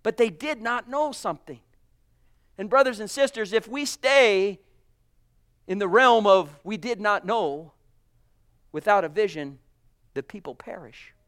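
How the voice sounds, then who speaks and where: A man preaches fervently to his church in a high voice, swinging from soft, hushed lines to loud, emphatic calls and repeatedly addressing the congregation as brothers and sisters. He takes his time and pauses often.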